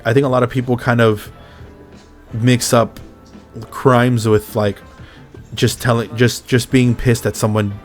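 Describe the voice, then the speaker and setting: A man's voice: mid-range voice, flat delivery, measured pace, pauses often, soft background music. A man hosting a podcast in casual chat, ranting bluntly and swearing often. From Mexico's Baja California border region. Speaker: podcast host.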